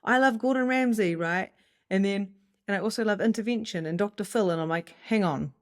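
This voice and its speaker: A middle-aged woman giving an animated, casual motivational talk as a spiritual coach, swearing freely and acting out inner voices. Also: mid-range voice, a little fast, no room sound, studio quality. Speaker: psychic medium and spiritual coach.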